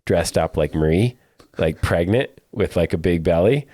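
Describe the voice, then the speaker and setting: A middle-aged man with a deep, low voice tells stories in a loose, chatty way, often breaking into laughter. He sounds close to the mic in a dry room with no echo. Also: normal speed, dark tone. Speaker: podcast co-host. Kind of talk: casual chat.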